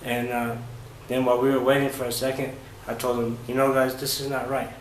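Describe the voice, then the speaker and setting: A man in a reverberant room tells a travel story in a relaxed, rambling way. He pauses often on fillers and restarts his sentences. A faint ambient hum sits under the voice. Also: medium pitch. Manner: halting, many fillers and restarts. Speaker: travel vlogger. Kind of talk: casual first-person storytelling. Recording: roomy echo with faint ambient noise.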